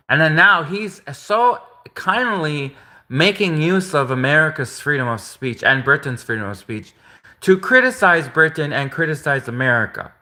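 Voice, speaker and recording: A man delivers a casual, rambling vlog monologue in an indignant tone, doubling back and restating his points again and again. His voice sits a little high and comes across bright and forceful. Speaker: vlogger.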